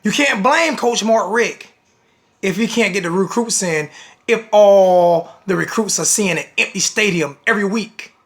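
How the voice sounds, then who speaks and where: A man's voice: high voice, a little slow. A man with a blunt, scolding manner, ranting to the camera as a sports fan vlogger.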